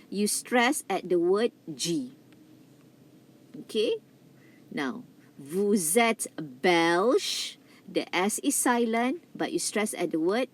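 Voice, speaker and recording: A middle-aged woman gives a French lesson at an unhurried pace. Her pitch moves a lot as she stresses each word. She repeats the examples slowly and clearly for beginners. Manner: slow, repeats French words with careful stress. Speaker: French teacher. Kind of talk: classroom lecture.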